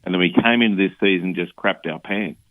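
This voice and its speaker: A man's voice: low-pitched, fairly quick, no room sound, narrow, tinny audio. A man with an Australian accent calling in to a sports talk show, chatting casually and calling people mate. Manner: laid-back, says mate and bloody a lot. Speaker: caller.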